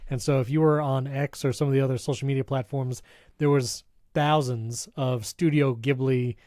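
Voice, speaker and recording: A man co-hosting a tech podcast in casual chat, upbeat and chatty, quick to laugh. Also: mid-range voice, fairly even intonation, a little mellow, no room sound, clean studio sound. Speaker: podcast co-host.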